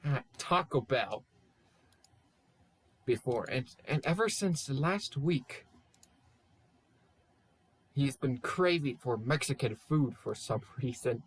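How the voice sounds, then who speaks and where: A man's voice: mid-range voice, expressive, slow pace, pauses often, breathy edge. A young man reading a silly fan story aloud, stumbling over words and stopping to poke fun at the text. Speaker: channel host. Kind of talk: comedic fan-fiction reading.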